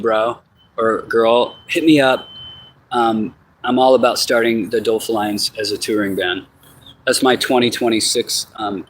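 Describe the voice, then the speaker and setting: A man's voice: mid-range voice, a bit bright, slightly rough, poor audio. A man giving a loose, slangy, profane update to his channel viewers, rambling from topic to topic. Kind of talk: casual rambling vlog. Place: outdoors on a hot evening.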